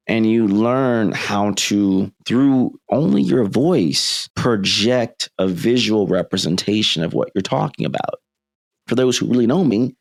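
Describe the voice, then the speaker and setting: Deep, gravelly-voiced man hosting a podcast. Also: no echo. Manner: animated, shifts between fast and slow, emphatic lists. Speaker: podcast host. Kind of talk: solo podcast monologue.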